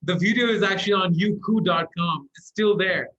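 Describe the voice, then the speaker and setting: A young man as a podcast guest, telling stories in animated casual chat and laughing often. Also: high voice, brisk, lo-fi sound. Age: young adult.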